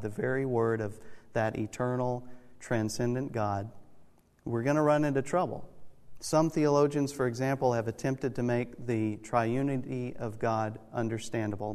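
A man's voice: mid-range voice, darkish tone, big-room sound. A man teaching a Bible class, explaining step by step and checking in with "okay?". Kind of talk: church teaching session.

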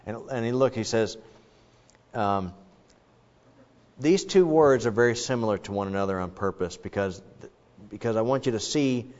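A man's voice: fairly low pitch, a little mellow. A man giving a sermon, explaining scripture in a conversational way with frequent restarts. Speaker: pastor. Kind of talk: sermon with Bible teaching. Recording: dull sound, long hall reverb.

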